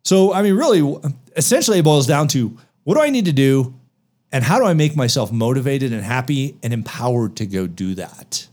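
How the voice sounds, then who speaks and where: A man talks with a lively, swooping voice that rises and falls a lot as he drives his points home. He asks himself questions and answers them. It is the energetic delivery of motivational podcast talk. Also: mid-range voice, fairly quick. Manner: emphatic, animated, rhetorical questions. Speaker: podcast guest author.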